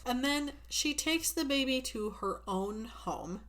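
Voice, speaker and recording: A woman's voice: sits high, expressive, slow, fairly bright tone. A woman co-hosting a podcast, casually and sarcastically retelling a movie's plot with laughs. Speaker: podcast co-host. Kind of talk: casual chat recapping a movie.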